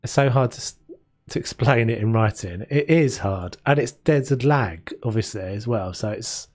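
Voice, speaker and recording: Speaking at normal speed in a mid-range voice, a young man chats loosely with viewers while streaming a renovation game. It's casual, rambling gameplay commentary full of talking to chat and frequent laughter, with faint game music playing behind him.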